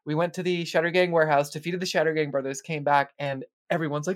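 Casual co-host, mid-pitched voice, lively storyteller who laughs easily. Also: fast. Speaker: podcast co-host. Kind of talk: casual chat.

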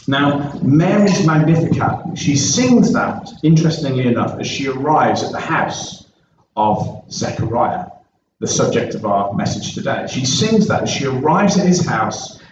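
A man's voice: medium pitch, background noise. A man, a pastor giving an earnest, conversational sermon in a church. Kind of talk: sermon with opening prayer. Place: church sanctuary. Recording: echoey church recorded from far off, dull sound.

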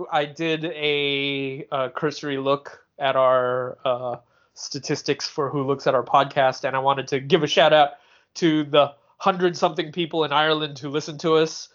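High-voiced man, rambling podcast chat. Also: fairly bright tone, muffled recording. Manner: rambling, laughs often, fumbles for words. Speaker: podcast co-host. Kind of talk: casual chat.

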